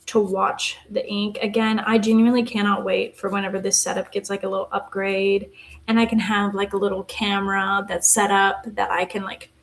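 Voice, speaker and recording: A woman in her twenties with a West Texan accent, chatting casually and rambling through asides while she colors on a live stream. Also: medium pitch. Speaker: live streamer, university theater student.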